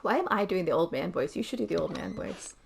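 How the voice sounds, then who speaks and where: A woman's voice: on the low side, very animated, quick pace, creaky, noisy background. A woman co-hosting a video game let's play, chatting and encouraging her partner with frequent laughter. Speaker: co-host.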